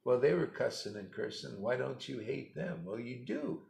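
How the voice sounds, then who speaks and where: A man's voice: mid-range voice, expressive, moderate pace, vocal fry, a little mellow. A man giving a rambling, blunt spiritual talk, mocking and laughing often. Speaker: spiritual teacher. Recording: echoey room.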